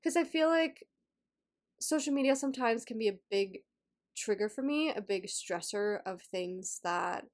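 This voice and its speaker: A young woman with a slightly nasal voice hosts her own podcast in a relaxed way. She repeats her phrases and speaks straight to her listeners with encouraging questions. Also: a little high. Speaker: podcast host and yoga teacher. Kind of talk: casual solo podcast talk.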